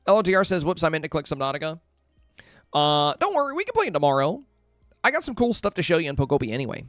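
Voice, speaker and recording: A man chats casually on a home livestream, reading out viewer comments and replying to them. His pitch moves around a lot as he talks. Faint music plays behind him. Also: big pitch swings, racing, fairly bright tone, dry recording, clean studio sound. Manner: chatty, reads viewer comments aloud and answers them. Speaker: livestream host.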